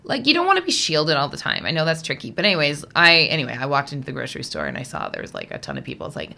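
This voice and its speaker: Woman tarot reader, low-ish voice with a bright edge; chatty, digressive, emotional, reading casually to viewers. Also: huge pitch swings, rapid-fire, gravelly. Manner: chatty, rambling, digressive with many fillers; emotional, easily moved.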